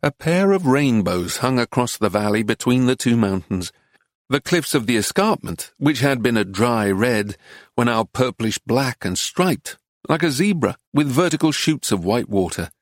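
Reading from a book, a male audiobook narrator delivers scripted storytelling at an even, measured pace. He's close to a studio microphone, with a mid-range voice and a dry sound.

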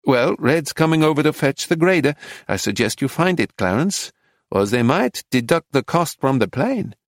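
A man voicing a calm, practical male settlement manager in an audiobook, measured and dry. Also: on the high side, no room sound. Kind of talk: audiobook character voice.

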